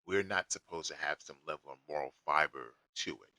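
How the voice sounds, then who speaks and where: Man, very low voice with a bright edge, blunt storytelling monologue, dry close sound. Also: a little fast, no room sound, rough recording. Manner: blunt, emphatic, recounting events step by step.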